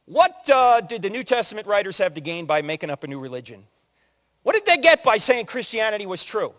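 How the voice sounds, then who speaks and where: A man in his sixties from New Jersey giving an animated, joking story-driven talk as a conference speaker, acting out quotes in other voices. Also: high voice, brisk. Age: 60s. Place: large hall with audience. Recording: long hall reverb.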